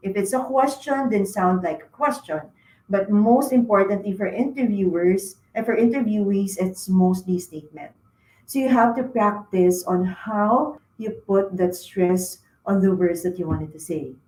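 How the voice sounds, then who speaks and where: A woman's voice: mid-range voice, darkish tone, reverberant, rough recording. A woman giving interview advice to students, with lots of fillers and frequent "okay?" check-ins. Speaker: career talk speaker. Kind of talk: career advice talk to students.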